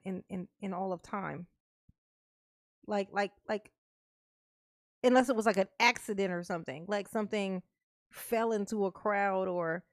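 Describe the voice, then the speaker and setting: A woman's voice: mid-range voice, dry recording, studio quality. A woman streamer chatting casually and laughing often as she reacts live and talks to her viewers. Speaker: streamer reacting to a court livestream.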